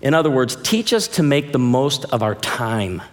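Forties guy pastor giving a sermon, lively jokey storyteller, big hall echo on it. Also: medium pitch, moderate pace. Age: 40s.

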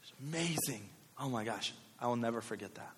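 Man, 30s, pastor, conversational sermon, mid-pitched voice, long hall reverb. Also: fairly quick, noisy background. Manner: conversational, animated storytelling with many asides. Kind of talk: sermon with personal story.

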